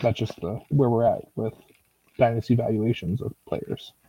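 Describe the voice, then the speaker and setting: A man's voice: mid-range voice, steady tone, normal speed, mellow, slightly rough, no room sound, muffled recording. A man co-hosting a casual sports talk show, loose and a bit sarcastic, rambling as he talks. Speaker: co-host. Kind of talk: casual fantasy football chat.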